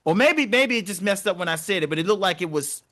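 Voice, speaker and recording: A young man co-hosts a podcast, speaking fast in a high-pitched voice as he tells stories in casual conversation. His storytelling is animated, and he acts out the voices of the people he quotes.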